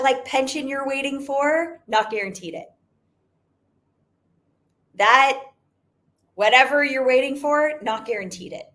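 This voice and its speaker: This young woman, a network marketing business owner, has a high-pitched, somewhat bright voice. She delivers a forceful motivational speech, circling back over the same points and leaning heavily on the word "like".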